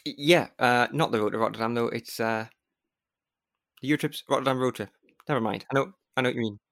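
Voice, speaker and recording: An upbeat Geordie man from Newcastle chatting as a podcast co-host. His lines come in quick, jokey bursts. The voice sits at a middle pitch and sounds close and dry, with no room around it. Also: gravelly, fairly bright tone, dry recording. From Newcastle upon Tyne, England. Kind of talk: casual podcast chat.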